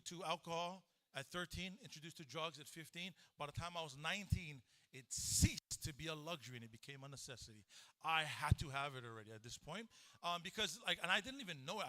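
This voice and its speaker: A man's voice: fairly high pitch, pushed and bright. A man from Hawaii, giving a live recovery testimony to a crowd in an event hall over a handheld mic and joking with the audience. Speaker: recovery speaker.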